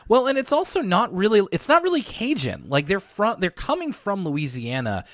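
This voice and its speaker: A man from Canada co-hosting a casual podcast, chatty and quick to laugh. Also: no room sound, clean studio sound. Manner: chatty, laughs easily, lively pitch. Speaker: podcast co-host.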